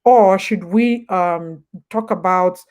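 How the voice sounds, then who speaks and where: A woman's voice: medium pitch, slow pace, darkish tone. A young woman with a Nigerian accent hosting a casual live stream with advice, chatty and digressive, jumping back and forth between topics. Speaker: host.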